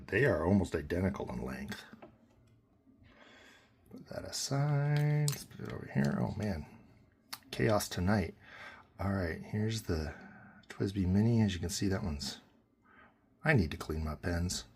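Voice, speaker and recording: Low husky man reviewing a pen. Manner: relaxed, rambling with fillers and self-corrections. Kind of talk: casual product review.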